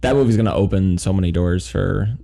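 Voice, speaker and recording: A man on a podcast in casual chat who laughs easily, pitching a film idea to the group. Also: quick pace, gravelly, dark tone.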